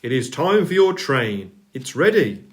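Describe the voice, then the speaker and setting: A man's voice: mid-range voice, sing-song, a little slow, voice pushed up. A man voicing a stern, portly older railway boss in a storybook reading, firm and commanding.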